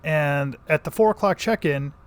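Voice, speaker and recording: A man's voice: on the high side, normal speed. A man from the Connecticut countryside telling a long story in a casual vlog, rambling with many restarts and fillers. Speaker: vlogger.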